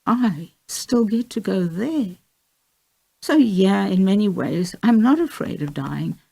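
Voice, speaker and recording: A woman's voice: mid-range voice, expressive, slow, vocal fry, mellow, husky, heavily acted. A woman reading a young woman with cancer, heartfelt and teary, in an audiobook of a memoir.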